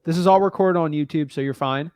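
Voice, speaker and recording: A young man from the United States giving casual, slangy coaching advice on a call, thinking out loud as he looks things up. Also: a little high, fast, dry recording, clean studio sound. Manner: laid-back, slangy, talks through what he looks up. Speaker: real estate wholesaling coach.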